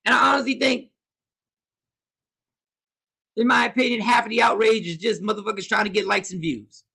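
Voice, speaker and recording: A man hosting a casual livestream, commenting on the news and reading viewers' comments aloud, animated and repetitive. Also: sits high, moderate pace, vocal fry, husky. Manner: animated, talks back to chat, repeats himself. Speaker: host.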